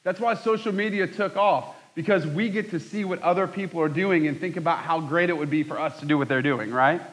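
A man in his thirties preaching a conversational sermon, joking at his own expense with lively asides. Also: high-pitched, low-quality recording. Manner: conversational, self-deprecating, animated asides. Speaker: pastor.

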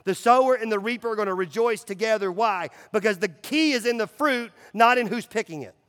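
Speaking briskly as pastor, a man delivers a casual sermon sprinkled with fillers, shifting between loud, emphatic stretches and hushed, low dips. The sound has a big-room quality.

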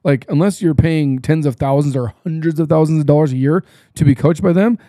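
A man hosting a podcast, asking questions in casual interview chat with animated asides. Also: a little high, brisk, no echo. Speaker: podcast host.

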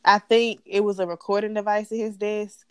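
A woman's voice: medium pitch, moderate pace, smooth, dry recording, clean studio sound. A woman co-hosting a casual TV recap chat, blunt and profane as she rants about the show. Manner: blunt, profane, animated ranting. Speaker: podcast co-host.

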